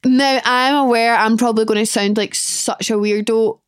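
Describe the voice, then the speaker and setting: Young Scottish female podcast host, chatty and self-mocking, slightly high pitch, dry mic. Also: steady tone, moderate pace, clear, resonant tone, no echo. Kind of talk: casual solo chat.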